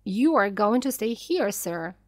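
A woman's voice: on the high side, lively intonation, takes it slowly, no echo, clean studio sound. A woman reading the lines of a stern, brave lighthouse keeper and father, in a firm, commanding way.

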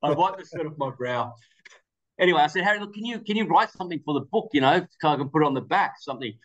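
A man's voice: on the high side, expressive, fast talker, fairly bright tone, lo-fi sound. A man giving a webinar presentation, telling anecdotes with quoted dialogue. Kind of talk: storytelling presentation.

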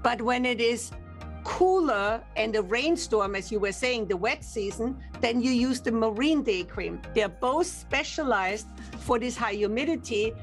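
Older woman, higher voice, confident product pitch on TV, faint music bed. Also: animated, unhurried. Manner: confident, salesy explaining. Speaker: skincare company guest. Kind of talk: product pitch on a TV lifestyle segment.

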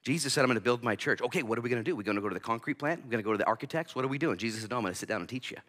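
A male pastor preaching a sermon, animated, acting out little voices and bursting loud at times. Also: mid-range voice, very fast. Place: church sanctuary.

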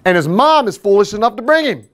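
Talking fast in a high voice, this man, a podcast host and fitness trainer, spins a self-deprecating, casual story with animation, doing the voices of everyone he quotes.

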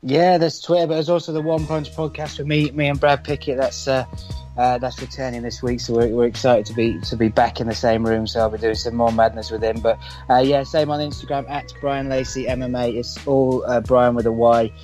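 A man's voice: mid-range voice, little pitch movement, brisk, darkish tone, faint music behind. A man, a stand-up comedian guesting on a podcast, joking wryly in casual chat. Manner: joking, wry.

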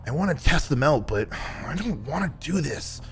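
A man's voice: a little high, lively intonation, moderate pace, noisy background. Man as a whiny teen superhero boy. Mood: sulky. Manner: whiny, complaining, petulant. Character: sulky teenage superhero boy, angry and defiant.

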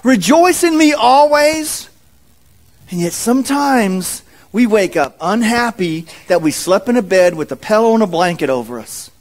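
A man preaching a sermon as a pastor, in an animated, folksy manner. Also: high-pitched, normal speed, hardly any pauses. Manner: animated, folksy, acts out quotes.

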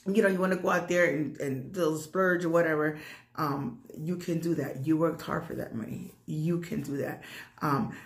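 A woman talking in a casual, rambling way for her vlog, repeating herself for emphasis, with lots of fillers and gushing excitement. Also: lowish voice, echoey room. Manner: gushing with excitement when showing her purchase. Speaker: vlogger.

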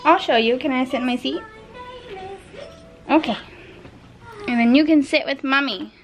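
Woman vlogger, fairly high voice, chatty and laughing, a bit out of breath, faint hiss in the room. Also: normal speed, low-quality recording. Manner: chatty, laughs often, baby talk with her son. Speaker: vlogger and homeschool mom. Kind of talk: casual vlog chat. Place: home kitchen, indoors.

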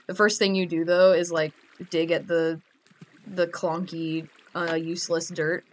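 A woman's voice: lowish voice, flat delivery, a little slow. A woman giving casual, playful commentary while playing a game, joking and giggling to herself. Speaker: Minecraft player.

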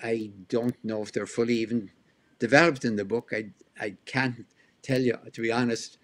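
A male historian answering an interview question, explaining lively and firing off rhetorical questions, with chuckles between points. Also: medium pitch, moderate pace. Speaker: historian guest.

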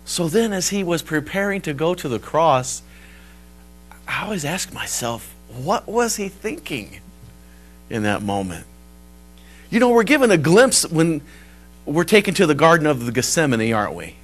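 A male pastor preaching a sermon at a church service, telling a story and moving between hushed and emphatic delivery. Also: a little high, sing-song, normal speed, low-quality recording.

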